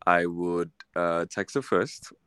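Guy telling a story over a chat, lowish voice, lots of um and like, dry sound. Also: fairly bright tone, clear, resonant tone, dry recording. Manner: halting, many fillers and restarts, acts out quoted lines.

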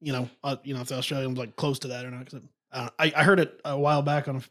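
A man hosting a casual chat, joking and asking quick questions. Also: mid-range voice, little pitch movement, fairly bright tone. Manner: quick, jokey, tosses questions.

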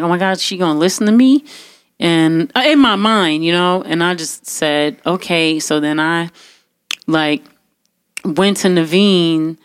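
A young woman telling a personal story in casual talk, animated and full of fillers and restarts. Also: fairly low pitch, clear, resonant tone, dry recording, clean studio sound. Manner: animated, acts out quotes, many fillers and restarts.

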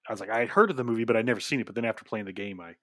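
A man chats with a relaxed, agreeable manner, often chiming in briefly. His voice is low, and the recording is dry and close. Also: no room sound. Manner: relaxed, agreeable, quick backchannels. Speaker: podcast co-host. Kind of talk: casual chat.

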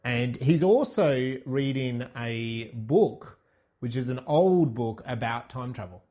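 This film-reviewing podcast co-host speaks slowly but animatedly, in a mellow, mid-range voice. In casual conversation he recaps scenes, rambling and correcting himself often.

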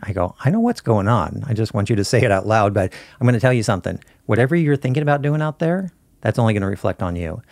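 A man's voice: fairly low pitch, expressive, fast talker, creaky, a little mellow, dry recording. A man in a casual interview, telling film-set stories in an easygoing way and acting out the dialogue. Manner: storytelling, easygoing, acts out dialogue. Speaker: film camera crew guest.

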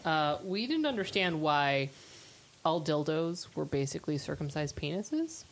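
Woman, podcast co-host, lively pitch, playful deadpan jokes, faint background noise. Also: measured pace. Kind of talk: casual comedic chat.

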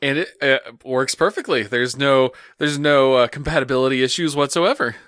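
A man co-hosting a podcast, reading from his notes in a laid-back, wry way with offhand swearing. His voice sounds bright and clear. The sound is dry and close, with little room around it. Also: mid-range voice, moderate pace, no echo. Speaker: podcast co-host. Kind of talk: casual chat recapping an anime episode.

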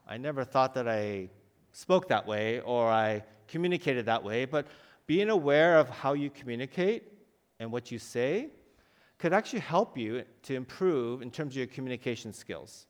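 A man's voice: fairly high pitch, long reverb tail. A middle-aged man, head of a school, giving a conversational chapel message to students and often asking them questions. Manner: conversational, asks the audience questions.

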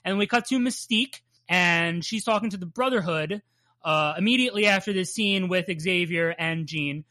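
A bright, forward voice tells the story in loose, rambling fashion and jokes and laughs along the way. It swears casually, and the sound is close and dry with no room around it. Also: medium pitch, moderate pace, no echo. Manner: laughs often and plays up bits. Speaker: podcast co-host recapping a cartoon. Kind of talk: casual podcast chat.

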